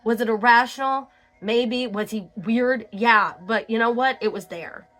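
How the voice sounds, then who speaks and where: A woman talks through an album in a relaxed, chatty way, slipping into bits of lyrics between her thoughts. Her voice sits a little high and sounds bright and forward. She takes her time, unhurried and easygoing. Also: soft background music. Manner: chatty, sings lyric snippets between comments. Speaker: host reviewing an album. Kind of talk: casual album review chat.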